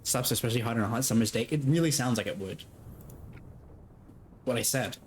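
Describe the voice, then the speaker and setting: Chatty male streamer, mid pitch. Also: fairly quick, a little hiss or hum. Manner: chatty, laughs, talks to chat. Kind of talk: casual game stream with read-aloud dialogue.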